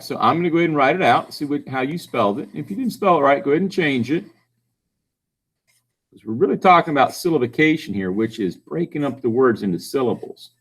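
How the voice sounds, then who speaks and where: A man with a fairly high, very animated voice gives a phonics lesson for children. He talks patiently and slowly stretches each syllable as he sounds words out, rising and falling as if speaking to young learners. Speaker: reading tutor.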